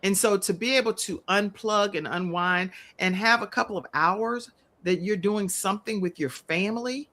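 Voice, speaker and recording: Bright-voiced woman hosting a live chat. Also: medium pitch, moderate pace. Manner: animated, cheering guests on. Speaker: host. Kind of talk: live-stream panel chat.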